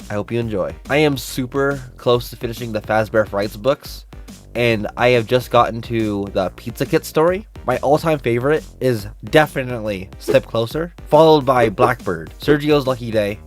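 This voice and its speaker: A man hosting his channel, talking casually and enthusiastically to the camera, his voice nasal from a cold. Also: medium pitch. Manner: chatty and enthusiastic, mildly apologetic. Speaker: channel host.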